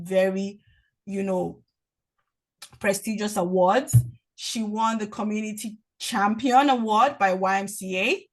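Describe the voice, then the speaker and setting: Female host, upbeat speaker introduction, emphatic repetition, mid pitch. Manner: enthusiastic, repeats phrases for emphasis.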